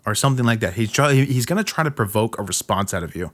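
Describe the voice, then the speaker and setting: A male podcast host talking casually, laying out firm instructions one short sentence at a time. His pitch sits in a middle range but swings widely as he stresses key points. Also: expressive, fast talker, hardly any pauses, fairly bright tone. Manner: emphatic, gives blunt step-by-step instructions. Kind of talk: casual advice monologue.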